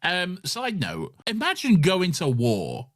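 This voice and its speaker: A man's voice: high voice, wildly swooping pitch, slow, fairly bright tone. A man co-hosting a podcast in casual chat, laughing often and slipping into silly voices. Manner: giggly, puts on silly voices, trails off. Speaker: podcast co-host.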